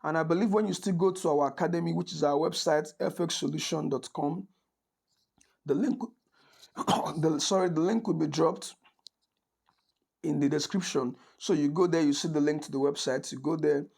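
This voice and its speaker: Man, trading tutorial, gravelly, a bit high-pitched, conversational, self-correcting. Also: steady tone, moderate pace, long pauses, darkish tone. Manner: conversational, checks in with frequent "right?"; restarts and corrects himself often. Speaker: forex trading instructor. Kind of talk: screen-recorded trading tutorial.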